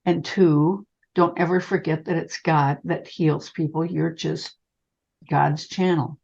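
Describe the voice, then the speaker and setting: Speaking slowly in a low, creaky voice with a breathy edge, an older psychic medium shares a personal story during an interview. She's animated and keeps calling the listener honey, all captured in dull, lo-fi sound.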